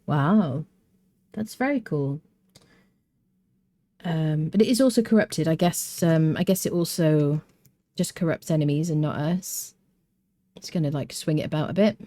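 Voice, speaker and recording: A woman's voice: sits low, a little slow, long pauses, warm tone. A British woman with a mixed accent and a touch of Welsh, chatting casually while streaming a game, thinking aloud, humming and answering viewer chat. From Britain.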